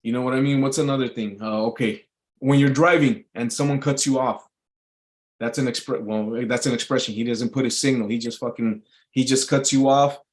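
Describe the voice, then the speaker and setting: A man's voice: medium pitch, steady tone, normal speed. Rambling, cussing man on a live stream. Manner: rambling, profane, full of fillers and restarts. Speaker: YouTube livestreamer. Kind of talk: casual rambling monologue. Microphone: live stream mic.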